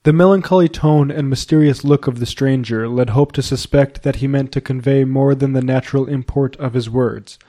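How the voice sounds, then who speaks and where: A man narrating a period novel as an audiobook reader, in a measured, even storytelling manner. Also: medium pitch.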